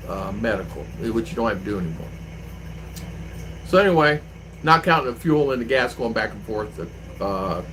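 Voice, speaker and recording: A man's voice: a little high, low-quality recording. A man telling a story in casual vlog style, acting out the voices of the people in it, recorded outdoors with faint traffic behind him. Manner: animated, mimics voices when retelling exchanges. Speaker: vlogger. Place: outdoors, riding an e-bike.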